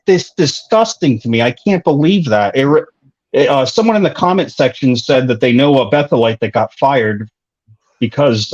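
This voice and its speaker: A man's voice: medium pitch, dull audio. A man co-hosting a casual commentary chat, talking in an indignant, rambling way with many restarts. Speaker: co-host.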